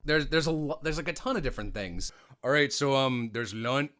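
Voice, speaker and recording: A man hosting a casual chat about voice acting, animated and breaking into demo voices, his voice tired after a long day. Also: medium pitch, brisk. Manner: animated, demonstrates voices mid-sentence. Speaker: podcast host.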